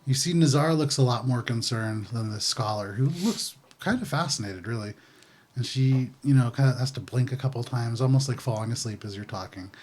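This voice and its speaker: Man, game master, tabletop narration, relaxed, descriptive, mid-range voice. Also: medium pitch, fairly quick. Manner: relaxed, descriptive, with frequent fillers.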